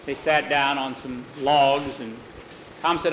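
A man's voice: medium pitch, steady tone, slow pace, a bit bright, slight background noise. A man telling a frontier story aloud in a homespun way, leaning on repeated phrases like "he says" and "finally.". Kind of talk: oral storytelling. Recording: echoey room.

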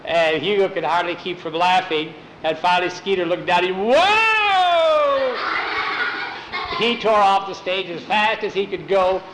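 A folksy male storyteller with a fairly high voice spins a funny tale, putting on voices for the figures. The recording is roomy and echoey, with a faint hiss underneath. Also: steady tone, normal speed, hardly any pauses. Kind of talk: oral storytelling. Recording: roomy echo, faint noise.

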